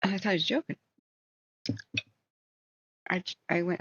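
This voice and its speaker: A woman's voice: on the low side, fairly quick, pauses often, no room sound, lo-fi sound. A woman hosting a livestream, telling a long story in a casual, rambling way and breaking off for asides. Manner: rambling, animated retelling with asides. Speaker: livestream host.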